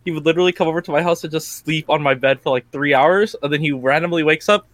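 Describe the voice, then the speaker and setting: A young man telling a story casually to friends, animated, laughing often and swearing. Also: fairly high pitch, quick pace, no echo.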